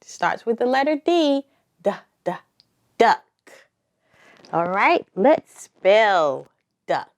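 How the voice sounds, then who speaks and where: A woman leading a preschool circle time lesson, talking slowly and encouragingly and spelling words out letter by letter. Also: a little high, big pitch swings. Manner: slow, sing-song and encouraging, spelling letter by letter. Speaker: preschool teacher.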